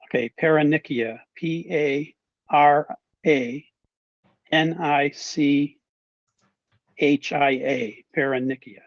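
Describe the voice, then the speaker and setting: A man competing in an online spelling bee, asking for a definition and spelling briskly letter by letter. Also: a little high, fairly even intonation, no room sound. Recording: dry, dull lo-fi online audio.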